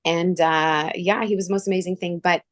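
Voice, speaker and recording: Animated, lower-voiced woman telling stories. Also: brisk, no room sound, clean studio sound. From Canada. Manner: animated storyteller, acts out quoted voices. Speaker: show host. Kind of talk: casual chat.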